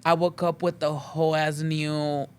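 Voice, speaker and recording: A young man guesting on a podcast, telling a story with lively impressions of other people and slipping Spanish words into his English. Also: fairly high pitch, unhurried, a little hiss or hum. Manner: animated storytelling, acting out other people's voices. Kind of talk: casual chat.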